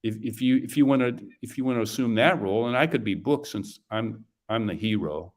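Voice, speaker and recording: A man being interviewed as an author and publisher, talking casually and haltingly with many restarts. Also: medium pitch. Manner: halting, full of restarts and fillers.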